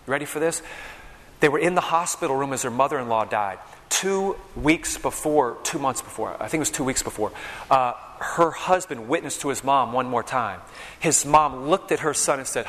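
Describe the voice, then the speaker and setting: A man's voice: mid-range voice, moderate pace, fairly bright tone. A man preaching a sermon, telling vivid stories and checking in with the crowd with "okay?" and "all right?". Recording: long reverb in a large hall.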